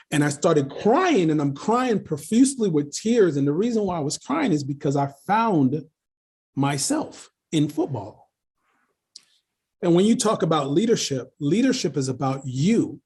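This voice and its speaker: Husky middle-aged new guy, kinda high voice, laughs a lot telling his stories. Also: moderate pace. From Queens, New York. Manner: animated, laughs often, repeats phrases for emphasis. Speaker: guest, leadership coach. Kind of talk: casual storytelling interview.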